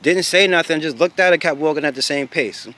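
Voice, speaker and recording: Speaking briskly in a slightly high voice, this American man recounts a personal story to camera in a relaxed, cursing style. He keeps asking the listener "you know what I'm saying" and turns loud and heated when describing his anger.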